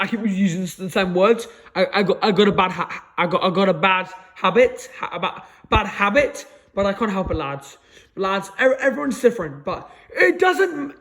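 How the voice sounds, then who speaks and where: Male vlogger with a high voice, rambling monologue, stutters and restarts, drops to a low mumble at phrase ends. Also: fairly bright tone. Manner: repeats "lads" in a low mutter, stammering restarts.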